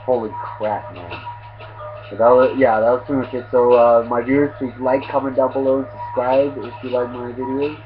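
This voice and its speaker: A man talks through an anime episode in a loose, slangy ramble that keeps looping back with fillers and restarts. The lo-fi recording sounds dull, and loud music plays behind him the whole time. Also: medium pitch, fairly even intonation, moderate pace. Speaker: anime reviewer. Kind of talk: casual episode recap. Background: loud background music.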